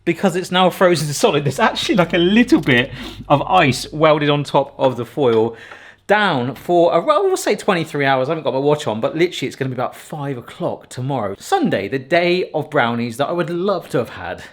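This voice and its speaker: A man chats through his cooking vlog, exclaiming often as he goes. His pitch leaps around a lot. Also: a little fast. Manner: chatty, excitable, exclaims often. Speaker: cooking video host.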